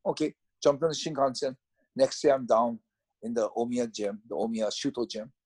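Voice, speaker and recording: A man casually recounting how he started fighting, in a reflective, halting, conversational way. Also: mid-range voice, fairly even intonation, a little mellow, breathy edge. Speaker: former fighter recounting his career. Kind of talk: casual storytelling.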